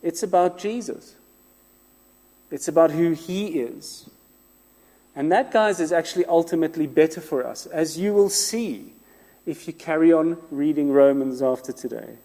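A man's voice: fairly high pitch, moderate pace. Preacher man in a reverberant hall. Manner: expressive, rhetorical repetition, self-deprecating humor. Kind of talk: sermon. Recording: long reverb of a large room.

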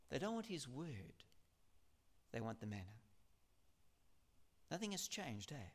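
A man preaching a sermon, earnest and emphatic, building points through repetition and reading scripture aloud slowly. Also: on the high side, big pitch swings, vocal fry.

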